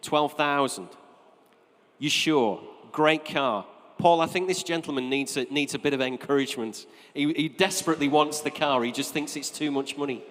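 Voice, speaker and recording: A brisk English man calls a live car auction, rattling off bids in a slightly high voice and bantering with the room. His voice rings with the long reverb of a large auction hall. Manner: brisk, chatty patter with bidders.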